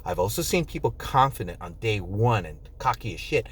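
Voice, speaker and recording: A man in his fifties, from New Jersey, talks straight to the camera about nursing in a casual monologue. He swears without a second thought and slips into other people's voices for quick quotes. His pitch rises and falls a lot, and the whole thing feels loose and animated. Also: husky. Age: 50s. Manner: blunt and profane, acts out quoted people. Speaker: nurse vlogger.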